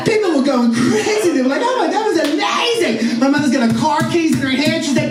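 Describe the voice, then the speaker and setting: A man's voice: very high-pitched, fast, hardly any pauses, over loud music. A man from Staten Island telling a comic story live on stage, acting out the other people in it. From Staten Island, New York. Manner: animated, acts out other people's voices. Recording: echoey hall, recorded from far off, audience. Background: audience laughter.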